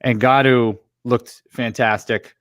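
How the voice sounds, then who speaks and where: A man's voice: mid-range voice, fairly even intonation, slow pace, a bit bright, no room sound, studio quality. A man co-hosting a podcast in chatty casual conversation. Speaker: podcast co-host. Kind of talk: casual chat.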